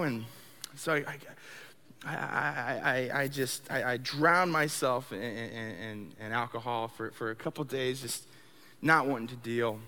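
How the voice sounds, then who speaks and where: A man giving a sermon testimony in a conversational way, stumbling over repeated words and swinging between soft low stretches and loud excited bursts. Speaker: speaker sharing his testimony. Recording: long hall reverb.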